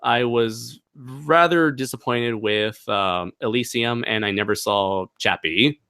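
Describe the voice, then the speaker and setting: Bright-voiced young man hosting a livestream. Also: mid-range voice, takes it slowly, smooth. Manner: rambling, laughs often, many fillers. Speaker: channel host. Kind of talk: casual livestream Q&A chat.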